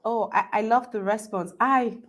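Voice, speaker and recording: Nigerian woman, live stream host, slightly high voice, chatty and friendly. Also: fairly even intonation, normal speed. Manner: chatty, friendly, often laughing. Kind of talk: live stream chat reading comments.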